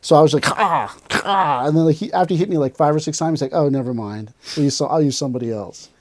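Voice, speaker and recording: A man's voice: a little high, rapid-fire, mellow, dry recording. A man hosting a podcast, telling stories in casual chat and acting out scenes with sound effects and quoted voices. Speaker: podcast host.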